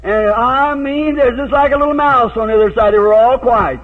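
A man preaching a revival sermon in a folksy storytelling way, breaking into shouted hallelujahs. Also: very high-pitched, moderate pace. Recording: tinny phone-like old tape.

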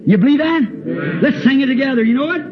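A man's voice: very high-pitched, big pitch swings, fairly quick, a crowd in the background. A man preaching a fervent sermon, acting out dialogue and breaking into hymn lines. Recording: dull lo-fi recording with faint hiss.

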